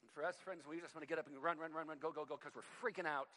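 A man in his forties preaching a sermon, telling personal stories in an animated, conversational way with self-deprecating humor. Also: on the high side, very fast. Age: 40s. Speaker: pastor.

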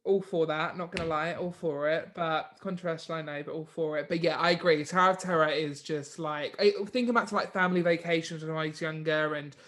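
A woman's voice: sits low, steady tone, brisk, hardly any pauses, fairly bright tone. Chatty young woman podcast host. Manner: chatty, laughs often, upbeat sign-off. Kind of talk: casual chat.

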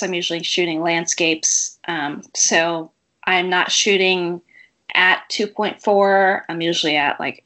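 Bright-voiced woman chatting frankly. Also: fairly low pitch. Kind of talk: casual chat.

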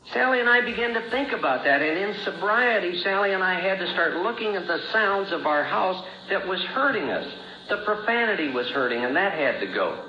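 A man's voice: very animated, brisk, a little hiss or hum. A middle-aged man giving an earnest personal testimony as a recovery speaker, with a storytelling manner that rises and falls. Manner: earnest storytelling, rising and falling pitch. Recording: roomy, dull old recording.

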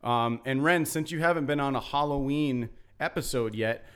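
A man's voice: medium pitch, normal speed, fairly bright tone, clear, resonant tone. A man with a Rhode Island accent hosting a casual podcast chat, upbeat and full of fillers. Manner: upbeat, laughs often, many fillers. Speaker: podcast host.

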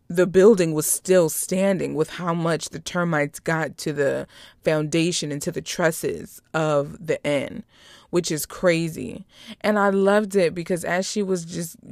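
A young woman casually recapping episodes as a podcast host, chatty and animated, acting out the quoted lines. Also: lowish voice, dry recording, studio quality.

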